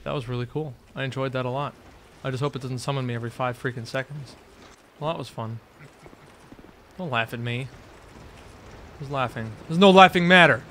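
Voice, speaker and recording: A young man doing let's play commentary, excitable and sarcastic, trash-talking enemies and swearing. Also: medium pitch, fairly quick, long pauses. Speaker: gaming video host. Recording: noisy background.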